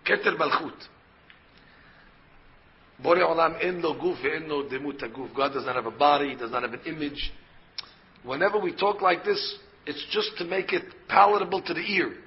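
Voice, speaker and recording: A man's voice: on the high side, normal speed, dull audio. A man, a rabbi, giving a Torah lecture and explaining by asking questions and answering them himself. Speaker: rabbi teaching a Torah class.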